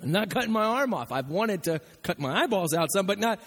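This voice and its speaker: High-voiced pastor preaching in a hall. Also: male voice, brisk. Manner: animated, acts out quoted voices. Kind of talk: sermon.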